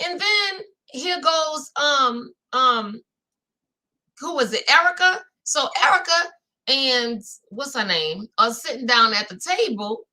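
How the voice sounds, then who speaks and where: Bright-voiced New Orleans woman. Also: high voice, slow pace, poor audio. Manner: animated, talks straight to viewers, reads out chat comments. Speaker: reality-show recap host. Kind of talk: chatty live-stream recap.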